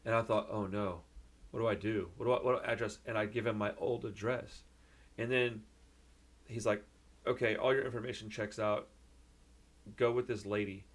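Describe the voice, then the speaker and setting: A young man telling a rambling, excitable story in a casual vlog, full of fillers and restarts. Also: fairly low pitch, moderate pace, long pauses. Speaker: vlogger.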